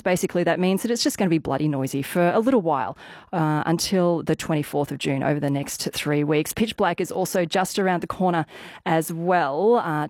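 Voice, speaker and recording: A woman hosts breakfast radio, talking in a chatty, casual way while still out of breath. Her voice sits a little low, and the studio mic sounds close and dry. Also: a little mellow, dry recording. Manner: chatty, conversational, self-deprecating. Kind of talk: live radio presenting. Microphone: studio microphone.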